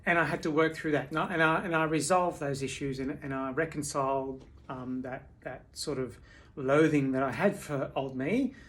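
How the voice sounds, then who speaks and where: A tired woman speaking candidly at home in a personal video diary, halting, with many restarts and fillers. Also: low voice, fairly even intonation. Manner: candid and confessional. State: tired from sleepless nights. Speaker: vlogger.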